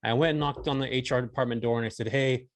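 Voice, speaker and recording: A man's voice: mid-range voice, fairly even intonation, rapid-fire, no room sound. A man in his forties from California, a podcast guest telling a story in a laid-back, slangy way. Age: 40s. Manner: laid-back, slangy, says dude and bro. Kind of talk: casual storytelling interview.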